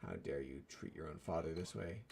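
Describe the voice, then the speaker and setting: A man's voice: very deep voice, fairly quick, vocal fry, crowd noise, voice pushed down. A man voicing a bitter, domineering middle-aged scientist who talks down with harsh contempt.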